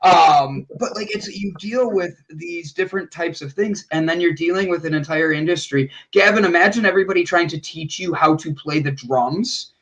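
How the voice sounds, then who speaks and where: A middle-aged man chatting casually as a podcast guest, animated and prone to acting out quotes in voices. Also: on the high side, moderate pace, hardly any pauses, poor audio. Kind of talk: casual chat.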